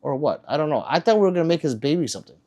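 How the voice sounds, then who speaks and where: A man's voice: fairly high pitch, big pitch swings, rapid-fire, very noisy. A man livestreaming, reading out chat messages and teasing viewers in a loose, rambling, joking way.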